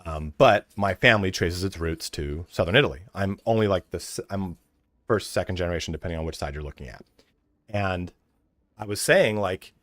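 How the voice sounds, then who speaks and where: This low-voiced man talks a little fast, with a fairly bright tone and no room sound. He's a California streamer with an American accent, ranting casually, cursing, and laughing often as he rambles.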